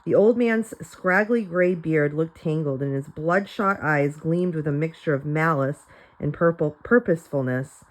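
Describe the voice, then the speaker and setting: Woman reader, slightly low voice, plain storytelling for a class. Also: measured pace, poor audio. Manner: plain storytelling with light character voices and small slips. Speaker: reader of a children's novel. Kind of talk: reading a chapter book aloud for students.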